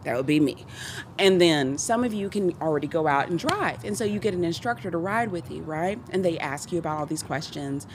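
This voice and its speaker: A woman, a podcast guest telling stories in casual chat, animated and laughing as she acts out what people said. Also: deep voice, a little fast, noisy background. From Texas.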